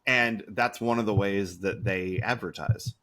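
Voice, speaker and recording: A man whose voice sits on the low side speaks a little slowly, with background noise, while co-hosting a podcast. Chatting casually, he tells stories vividly and acts out quotes.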